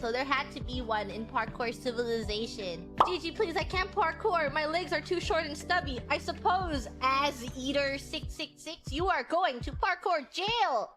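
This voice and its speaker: A woman streamer chats casually in a high, bright-pitched voice, rambling and breaking into giggles. Clear background music plays under her talk. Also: moderate pace, few pauses. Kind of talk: casual chat.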